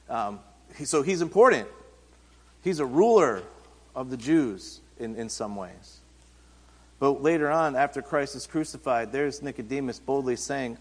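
A man giving a casual, conversational sermon, retelling Bible stories in everyday speech. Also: mid-range voice. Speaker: pastor and teacher. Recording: reverberant hall.

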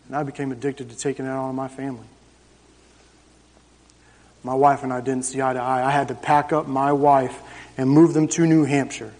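A man's voice: fairly high pitch, a little mellow. A man in his thirties telling his personal testimony to a church congregation, in an emphatic, conversational storytelling way. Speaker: church member giving testimony. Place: church service. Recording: reverberant church hall.

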